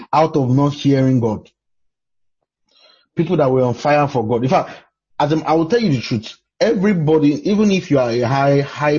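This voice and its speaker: Very husky Nigerian man preaching. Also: medium pitch, warm tone, dull audio. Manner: storytelling with frequent exclamations. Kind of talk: preaching in conversation.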